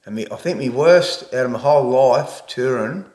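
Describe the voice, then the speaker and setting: An Australian man, a musician and podcast co-host, chatting casually at home, halting and restarting, with casual swearing. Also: mid-range voice, darkish tone. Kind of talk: casual chat. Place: living room.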